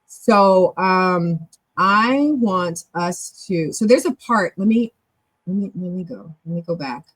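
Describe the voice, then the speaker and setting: A middle-aged woman hosts a relaxed live stream and talks quickly. Her voice jumps high and loud when she gets excited, then drops back to easy conversation. She often restarts her sentences as she goes. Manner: animated and chatty, with big jumps in pitch and loudness; talks fast, with self-corrections. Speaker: show host and club leader. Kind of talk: casual live-stream talk.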